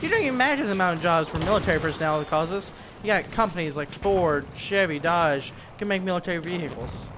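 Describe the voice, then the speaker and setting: A man's voice: high voice, animated, fast, hardly any pauses, background noise. A young American man giving profane, rambling commentary while playing a game, jumping between topics with asides. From United States. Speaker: gaming commentator. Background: music and gunfire from a game.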